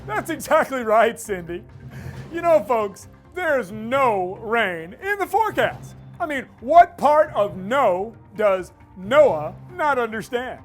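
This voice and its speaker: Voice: mid-range voice, sing-song, slow, soft background music. A performer playing a boastful, smug male TV weatherman in a comedy skit, chuckling and showing off as he talks. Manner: cocky, chuckling, showy.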